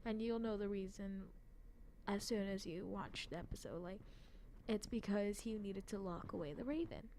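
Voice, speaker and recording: A woman's voice: mid-range voice, normal speed, darkish tone, slight background noise. A young woman chatting casually about an anime she loves, rambling with many fillers and frequent self-deprecating giggles. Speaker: anime fan vlogger.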